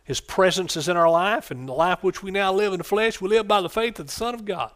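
A middle-aged man preaching a fervent sermon, calling out for amens and swinging between soft asides and loud bursts. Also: sits high, fairly quick.

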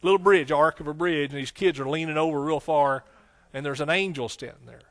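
A man's voice: on the high side, brisk, a bit bright. A man preaching a folksy, conversational sermon, with frequent amens and hallelujahs. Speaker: pastor.

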